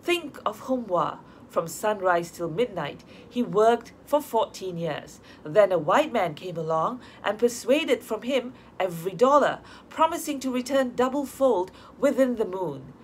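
A woman's voice: mid-range voice, lively intonation, unhurried, hardly any pauses, slight background noise, natural voice. A woman reading an audiobook, voicing a stern, proud young mother who keeps to old ways. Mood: bitter.

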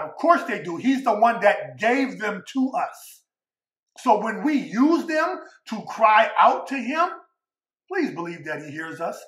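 A man preaching a sermon, emphatic and folksy, addressing the congregation directly and swinging between loud declarations and hushed asides. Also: sits high, reverberant. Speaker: pastor.

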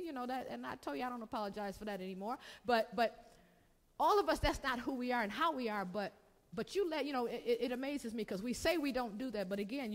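A woman pastor delivers a sermon, building with repeated phrases and calls for an answer from the congregation. Her voice sits a bit high, and it rings out with the long reverb of a church hall. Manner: preaching with call-and-response and repetition. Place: church sanctuary.

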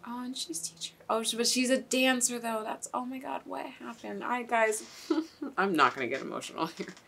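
A woman's voice: a little high, animated, normal speed, vocal fry, fairly bright tone, slight background noise. A young woman hosting a casual anime reaction, chatty and exclamatory, swearing and laughing as she talks.

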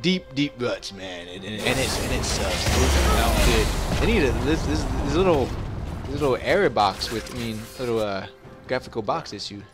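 A man's voice: mid-range voice, normal speed. Hyped guy trash talking while he plays, voice jumps all over, game music blasting behind. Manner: excitable, trash-talking, playful. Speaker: gamer. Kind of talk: live gameplay commentary. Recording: game music loud under the voice.

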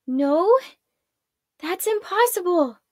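A woman voicing a feisty young witch girl in a high, bright, indignant voice for a storybook read-aloud. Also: expressive, takes it slowly, no echo, clean studio sound, exaggerated voice.

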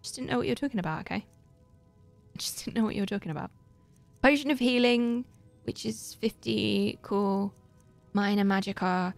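Faint music runs beneath a woman's casual commentary as she streams a video game, rambling and joking at her own expense to her chat. Her voice is medium-pitched and creaky, at a moderate pace with frequent pauses.

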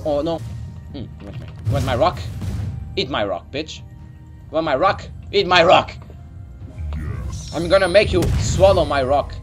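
High lively guy yelling n joking while he plays, music going behind him. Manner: shouty, swearing, jokey voices. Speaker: gamer. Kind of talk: excited gaming commentary.

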